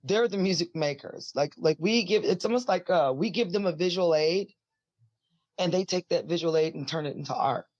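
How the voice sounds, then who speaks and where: A woman in her forties with a deep, husky voice, talking casually as an interview guest and rambling with lots of fillers. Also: normal speed, darkish tone, no room sound. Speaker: musician guest. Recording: dull lo-fi audio, dry.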